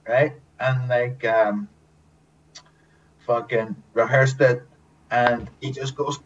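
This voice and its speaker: A man guest telling casual stories in a lively way, swearing often and acting out what others said. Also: mid-range voice, takes it slowly. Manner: lively storyteller, swears often, acts out quotes. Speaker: guest, former TV extra. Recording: distant mic, dull lo-fi sound, faint hiss.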